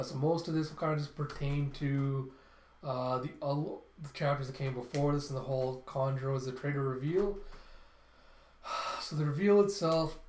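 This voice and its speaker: Brief: casual male reviewer, slightly high voice, lots of fillers and sighs, echoey room. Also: a little hiss or hum. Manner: animated play-by-play, frequent sighs and filler words. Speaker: manga reviewer.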